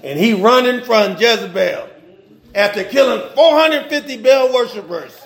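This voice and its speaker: A male pastor delivering a casual, humorous sermon full of slang, swinging between loud bursts and quiet asides. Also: extremely high pitch, animated, normal speed, roomy sound. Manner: informal preaching with slang and humor, rising and dropping in intensity.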